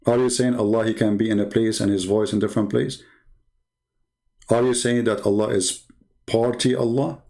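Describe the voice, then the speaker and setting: A man's voice: on the low side, steady tone, normal speed, gravelly, long pauses, dark tone. A man with an Arabic accent hosting a live online debate, mocking his opponents with a string of rhetorical questions. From Arab world. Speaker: debate channel host.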